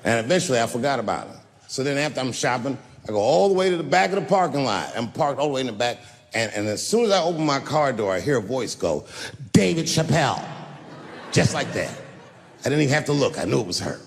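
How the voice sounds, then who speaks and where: A male comedian doing a stand-up set, telling profane stories that swing from shouts to low mutters. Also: big pitch swings, quick pace, long reverb tail.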